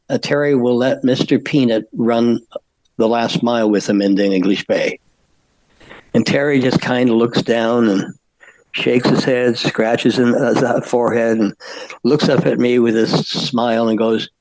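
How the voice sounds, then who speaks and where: An older man, a podcast guest, telling stories in a halting way with many fillers and restarts. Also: mid-range voice, little pitch movement, darkish tone, no room sound, rough recording. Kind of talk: anecdotal storytelling.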